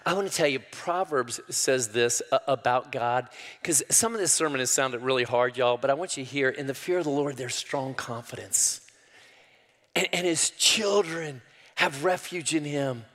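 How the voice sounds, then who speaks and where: Older pastor with hall reverb. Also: male voice, medium pitch, normal speed. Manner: preaching with sudden loud rises to quoted scripture; folksy, addresses the crowd as y'all. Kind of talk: sermon.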